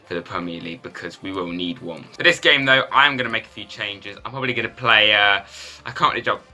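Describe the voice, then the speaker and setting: A man commentating his football video game in a lively, self-mocking way. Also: fairly low pitch, quick pace. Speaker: gaming YouTuber.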